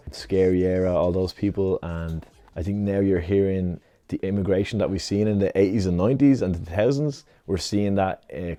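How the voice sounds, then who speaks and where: A man's voice: low-pitched, dark tone, no echo. A man from Dublin in a casual interview, rambling chattily with lots of fillers and tag questions. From Dublin, Ireland. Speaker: rapper interviewee.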